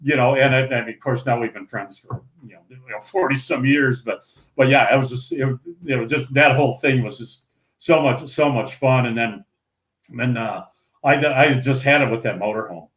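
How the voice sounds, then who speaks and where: A man in his sixties from Minnesota, a guest telling rambling, lively stories full of restarts and chuckles in a relaxed podcast chat. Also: mid-range voice, moderate pace. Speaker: interview guest, retired pro bowler. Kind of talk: casual storytelling in a podcast interview.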